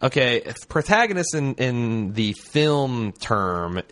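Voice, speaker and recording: A man's voice: medium pitch, very animated, takes it slowly, fairly bright tone. A man hosting a podcast, reading listener mail and chatting casually; he swears freely and often trails off and restarts. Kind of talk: casual chat.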